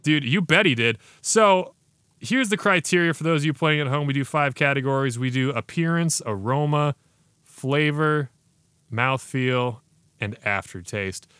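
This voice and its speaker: A man's voice: a little high, unhurried, a bit bright, smooth, no room sound. A man hosting a podcast, chatting casually and enthusiastically through a beer review with slangy banter. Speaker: podcast host.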